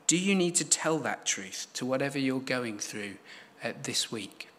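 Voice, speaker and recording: A man preaching a sermon, measured and emphatic, repeating key phrases for weight. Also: mid-range voice, animated, fairly bright tone.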